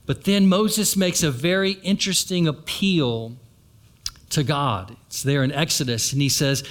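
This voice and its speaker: A man's voice: on the high side, measured pace. A man preaching a sermon, retelling a story and turning to the congregation with asides. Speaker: pastor.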